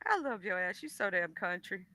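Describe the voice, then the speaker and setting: A woman from the Deep South with a Southern US accent, chatting on a talk stream in a folksy, teasing way. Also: animated, pushed and bright, no room sound. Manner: folksy, teasing, drawn-out explanations. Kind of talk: casual chat.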